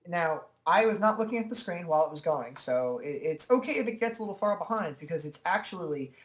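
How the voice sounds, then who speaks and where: A man giving a relaxed, chatty walkthrough of software at his computer, talking into a desk microphone and filling pauses with "uh" and "okay". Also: on the high side. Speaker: software tutorial presenter. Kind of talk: casual screen-recorded software demo.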